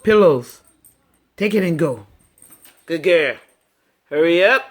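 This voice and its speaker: A woman's voice: on the low side, lively intonation, takes it slowly. An older woman, a grandmother, coaxing and teasing her dog in a casual home video, laughing often.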